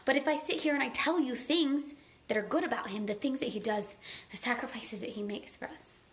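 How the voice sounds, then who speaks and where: A woman's voice: high-pitched, fairly quick. A woman giving an earnest, conversational motivational talk on a live stream, gushing and chatty and filling her speech with "like.". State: tearful at times. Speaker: motivational speaker.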